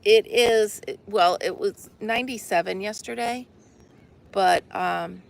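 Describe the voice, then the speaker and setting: A woman's voice: mid-range voice, measured pace, creaky. A woman chatting casually with her viewers outdoors on a deck, rambling and laughing often. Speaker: livestream host.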